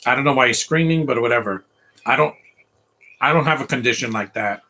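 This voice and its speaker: A man's voice: mid-range voice, fairly quick, sharp tone. A man hosting a casual live movie commentary, opinionated, rambling and defensive.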